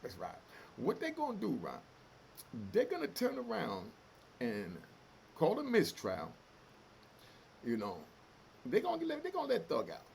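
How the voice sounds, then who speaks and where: Middle-aged man, commentary host, heated emotional street talk, profane, raspy fry, lively swings in pitch. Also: unhurried, pauses often, slight background noise.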